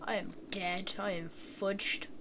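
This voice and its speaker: A woman's voice: mid-range voice, level tone, takes it slowly. A young woman giving casual, rambling commentary while playing a driving game, humming little tunes between remarks. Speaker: gaming video creator. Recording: clear game engine noise behind.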